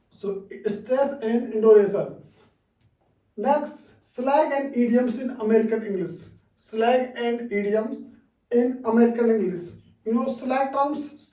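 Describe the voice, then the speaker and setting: A man teaching an English lesson from slides, halting often with restarts and frequent "okay" fillers. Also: very high-pitched, mellow. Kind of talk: reading through lesson slides. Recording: roomy echo, distant mic.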